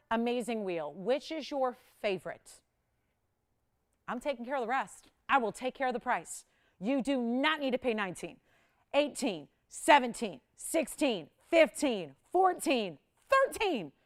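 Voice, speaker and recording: A woman hosting a live jewelry shopping broadcast, pitching pieces in a rapid, upbeat sales patter. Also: smooth. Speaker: shopping channel host.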